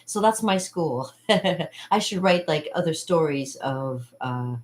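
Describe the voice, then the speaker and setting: A woman's voice: deep voice, expressive, takes it slowly. A woman hosting her own channel in a casual vlog, talking in a rambling, chatty way with frequent laughter. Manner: rambling and chatty, laughs often, acts out quotes. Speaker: channel host.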